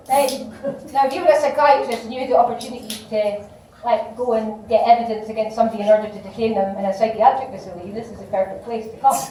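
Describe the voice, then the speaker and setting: Aberdonian woman comic, high-ish voice, cheeky and profane, caught from afar in a roomy club. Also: fast talker, mellow, distant mic, slight background noise. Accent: Aberdonian Scottish. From Aberdeen, Scotland. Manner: swearing, laughs at her own jokes. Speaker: stand-up comedian. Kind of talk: impromptu stand-up. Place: comedy club room.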